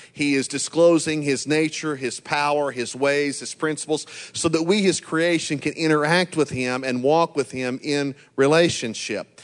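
A middle-aged man from Georgia preaching as a guest pastor, earnest and encouraging, with frequent "uh" fillers. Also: fairly high pitch. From Georgia, USA. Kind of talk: sermon.

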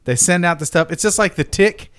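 A man's voice: sits high, brisk, fairly bright tone, clear, resonant tone. A man co-hosting a podcast in casual chat, joking and explaining things with lots of asides. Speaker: podcast co-host.

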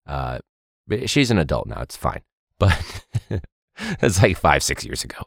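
A young man who is a teacher, hosting a podcast in a casual, animated monologue with quick impressions of students. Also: vocal fry, dry recording, studio quality. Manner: animated, mimics students in high voices.

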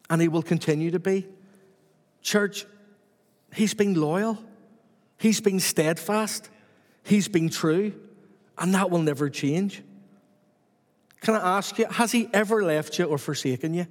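High-voiced man preaching in a hall. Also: a little mellow. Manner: repetitive rhythmic preaching with rising emphasis. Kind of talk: sermon.

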